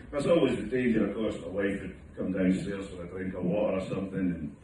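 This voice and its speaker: A man's voice: fairly quick, background noise. A middle-aged man doing a self-mocking stand-up routine, sometimes putting on his wife's voice. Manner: wry, self-mocking, acts out his wife in a higher voice. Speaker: stand-up comedian. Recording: distant phone recording in an echoey room. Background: audience laughter.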